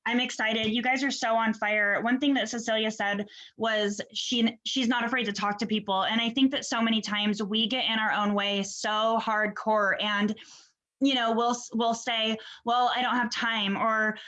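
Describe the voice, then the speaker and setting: A woman's voice: fairly high pitch, bright, forceful tone, low-quality recording. A woman hosting a video call, chatty and enthusiastic, swearing now and then. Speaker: host. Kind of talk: casual video call chat.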